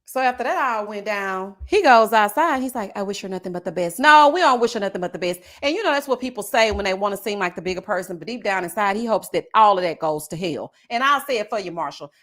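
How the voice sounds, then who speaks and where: A woman hosting a live review of a reality show, sassy and expressive, talking straight to her viewers. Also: mid-range voice, quick pace, hardly any pauses.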